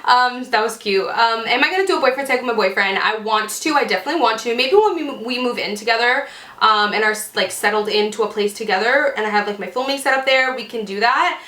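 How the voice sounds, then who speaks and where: A woman's voice: fairly high pitch, quick pace, pushed and bright. Chatty woman vlogger, roomy sound. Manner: chatty, many "like" fillers. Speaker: beauty YouTuber. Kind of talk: casual Q&A vlog. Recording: roomy echoey room.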